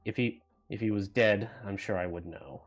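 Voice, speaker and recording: A man with a fairly low voice playing a tabletop role-playing game. He speaks quietly and in a laid-back way. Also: steady tone, moderate pace. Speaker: player. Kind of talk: casual tabletop role-play.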